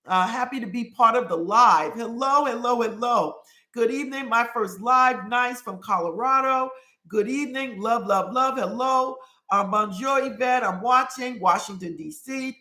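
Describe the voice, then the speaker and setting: A woman's voice: a little high, sharp tone, reverberant. A woman from New York hosting a live stream, reading out viewer comments and greeting people with effusive, repeated praise. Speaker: host.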